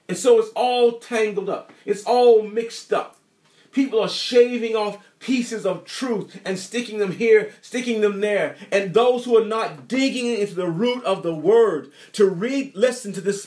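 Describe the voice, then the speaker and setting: A man preaching a sermon in an emphatic, repetitive style, asking the congregation rhetorical questions. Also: sits high. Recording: echoey room.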